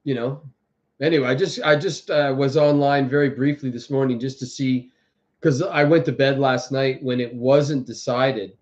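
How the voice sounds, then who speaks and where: A man's voice: mid-range voice, fairly even intonation, normal speed, darkish tone. A man hosting a casual livestream, rambling through political commentary with many restarts and mocking quoted voices. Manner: mocks others with exaggerated quoted voices. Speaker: livestream host. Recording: dull lo-fi audio.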